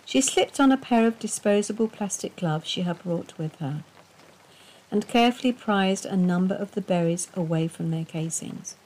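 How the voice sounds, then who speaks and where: A woman reading a dark domestic story aloud in measured, expressive audiobook narration. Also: medium pitch.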